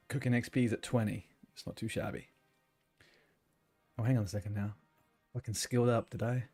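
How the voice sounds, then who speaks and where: A man's voice: mid-range voice, steady tone, fairly quick, long pauses, dark tone, faint music behind. Chatty British-sounding man streaming a game. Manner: chatty, rambling, swears casually. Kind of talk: casual gaming chat.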